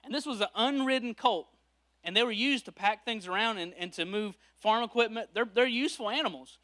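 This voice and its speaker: Animated high-voiced male preacher. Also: fairly quick. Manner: animated storytelling, acts out quoted voices. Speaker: pastor. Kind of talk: sermon.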